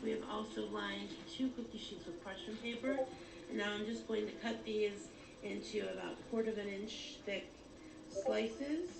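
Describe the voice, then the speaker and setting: A woman presenting a baking video, calmly walking through recipe steps. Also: mid-range voice, normal speed, vocal fry, noisy background. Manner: steady, instructive. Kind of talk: step-by-step cooking instructions. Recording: distant, roomy, loud music behind.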